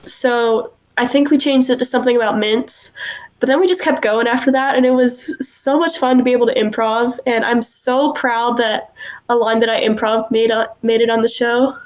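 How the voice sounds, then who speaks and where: A woman's voice: on the high side, fairly even intonation, moderate pace. A young woman, an actress guest on a podcast, telling stories in a giggly, bubbly way with lots of fillers. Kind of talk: casual podcast interview.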